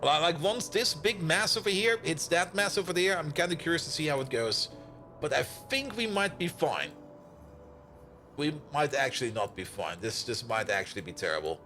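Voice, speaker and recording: A man's voice: a little high, animated, moderate pace, sharp tone, soft background music. A young man streaming a game, chatting casually, joking, rambling and laughing often. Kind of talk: casual live-stream chat.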